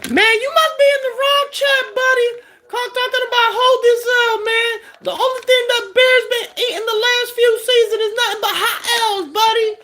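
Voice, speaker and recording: A man voicing a brash, high-pitched male fan who loudly taunts and laughs at a rival. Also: flat delivery, normal speed. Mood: taunting. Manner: loud, taunting, laughing, shouting.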